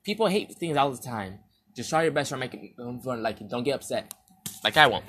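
A young podcast host speaks a little fast over a faint hiss or hum, casually recounting a dream with slang, rambling and restarts. He dramatizes his reactions, lurching from loud, high shouts to soft mutters.

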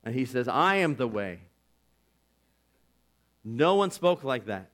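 A man preaching a sermon as pastor, earnest and conversational, swinging from loud declarations to hushed asides. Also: mid-range voice, sing-song, slow. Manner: earnest and conversational, with "like" and "you know".

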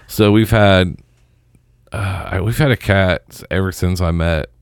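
A middle-aged man chatting casually in a studio, rambling and halting with many restarts. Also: low voice, fairly even intonation, vocal fry, clean tone, no echo. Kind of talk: casual chat.

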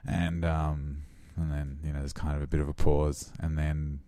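A man's voice: very deep voice, level tone, moderate pace, mellow, dry recording. An Australian man chatting casually as a podcast host, rambling with lots of fillers and frequent laughs. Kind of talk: casual chat.

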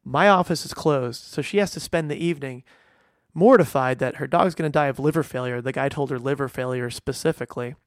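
A man's voice: medium pitch, a little fast, no room sound, clean studio sound. A middle-aged man, a veterinarian, talking casually and earnestly, stressing points with restarts and fillers. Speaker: veterinarian and podcast host. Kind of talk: casual monologue.

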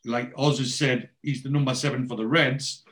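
A man's voice: mid-range voice, steady tone, moderate pace, a bit bright. Rambling, swearing man recapping a show. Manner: rambling, swears freely, acts out the characters' lines. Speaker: podcast host recapping a TV show. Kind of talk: casual chat.

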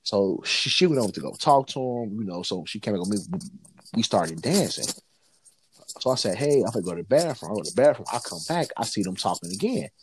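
A man in casual chat, telling profane, animated stories as a co-host. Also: fairly low pitch, a little fast, slight background noise. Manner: animated, profane, lively storyteller.

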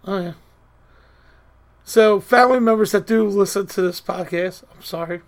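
A man's voice: high-pitched, normal speed. A man co-hosting a casual podcast, joking and jumping between topics. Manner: playful, scattered, joking. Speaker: podcast co-host. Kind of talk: casual chat.

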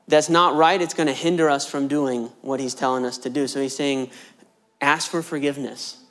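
Guy preaching, kinda high voice, chatty, asks lots of questions. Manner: conversational, rhetorical questions, occasional laughs. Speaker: pastor. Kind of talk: sermon.

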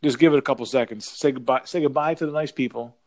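Male podcast co-host, middle-pitched, rambling joke-teller with many restarts. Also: darkish tone. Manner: rambling, halting with restarts, laughing. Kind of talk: casual chat, telling a joke.

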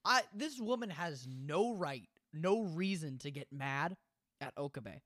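A man's voice: a little high, animated, unhurried, a bit bright, no room sound. Man, casual podcast co-host, blunt, opinionated, swears freely, dry close sound. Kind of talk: casual chat recapping an anime.

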